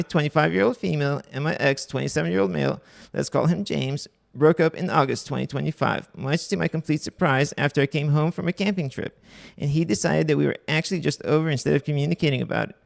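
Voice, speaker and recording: A man's voice: medium pitch, vocal fry, no echo, studio quality. A young man hosting a casual livestream, reading online posts aloud and commenting bluntly with profanity. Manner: blunt, profane, offhand asides.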